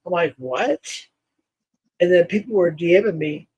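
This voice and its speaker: A man talking as a guest on a casual livestream, halting, with many restarts. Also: high-pitched, darkish tone, breathy edge, dull audio. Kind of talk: casual live-stream chat.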